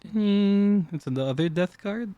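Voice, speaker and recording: A man streaming live, chatting casually with his chat while showing cards, playful and quick to laugh. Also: mid-range voice, clean tone, no room sound, muffled recording. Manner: playful, giggly, talks to chat. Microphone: desk mic.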